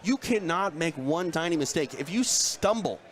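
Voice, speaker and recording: A man co-hosting a live fight preview from a studio set. His voice sits a little high, and he talks in a chatty, animated way, full of fillers and quick asides. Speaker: co-host of a fight preview show. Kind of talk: live sports talk.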